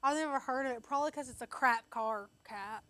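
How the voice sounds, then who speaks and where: High-voiced chatty woman telling stories. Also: fairly quick, fairly bright tone. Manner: chatty storyteller, acts out quotes, laughs often. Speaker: co-host. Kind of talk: casual livestream chat.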